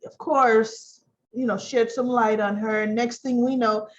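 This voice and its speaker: A woman casually recapping a soap opera, chatty and animated, who keeps clearing her throat. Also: on the high side, unhurried, muffled recording, slight background noise. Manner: chatty, animated storytelling with rhetorical questions.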